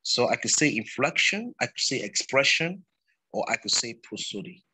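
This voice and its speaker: A man lectures on public speaking over an online class. His voice is somewhat husky at a middling pitch, and he circles back to repeat his points for emphasis. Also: sing-song, normal speed, bright, forceful tone, rough recording.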